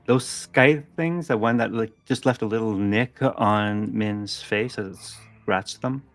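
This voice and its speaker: A man narrating as game master of a tabletop game, relaxed and describing the scene. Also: on the low side, a little slow.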